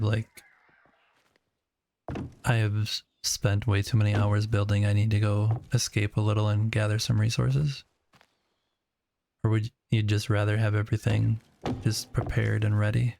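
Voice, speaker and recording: A man's voice: fairly low pitch, measured pace, creaky, long pauses, slight background noise. A man streaming live, chatting casually and musing aloud while he builds. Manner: relaxed, musing, answers chat while building.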